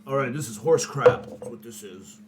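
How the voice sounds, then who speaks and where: A man's voice: mid-range voice, animated, moderate pace, noisy background. Brash joking man playing a tabletop game. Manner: brash, joking trash talk. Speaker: player.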